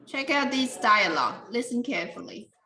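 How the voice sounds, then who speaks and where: Woman teacher on a video call, bright voice, kinda echoey room, explains things slow and patient. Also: fairly high pitch, animated, slight background noise. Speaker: English teacher. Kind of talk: online English lesson.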